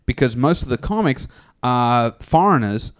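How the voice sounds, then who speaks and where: Profane rambling podcast host. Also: male voice, mid-range voice, animated, normal speed. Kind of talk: casual comedy podcast chat.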